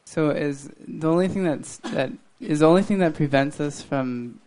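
A man in the audience asks questions in a halting way, searching for his words. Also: on the high side, a little mellow. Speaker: audience member asking questions.

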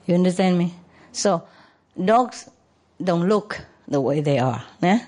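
A woman with a slightly low voice talks casually in broken English. She laughs often as she speaks and keeps checking with tag questions. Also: dark tone. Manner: laughs often while talking; broken non-native English grammar. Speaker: dog owner. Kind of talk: casual chat.

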